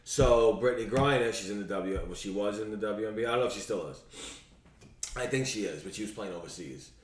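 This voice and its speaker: A man's voice: fairly low pitch, fast talker, roomy sound, distant mic. A man co-hosting a podcast, ranting bluntly in casual chat and swearing freely. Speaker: podcast co-host.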